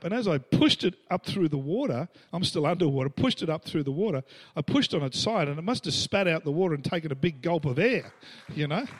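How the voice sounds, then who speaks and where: A middle-aged Australian man preaching a storytelling sermon, acting out the voices he quotes and laughing between lines. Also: fairly high pitch. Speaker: pastor.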